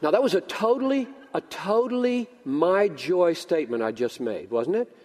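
A man's voice: sits high, sing-song, normal speed, darkish tone, long reverb tail. An older man preaching a sermon as pastor, telling a story animatedly and acting out both sides of the dialogue. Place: church sanctuary.

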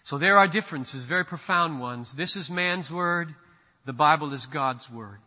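A pastor preaching a sermon with emphatic declarations and sudden drops into low, quiet asides. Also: male voice, normal speed, big-room sound, lo-fi sound.

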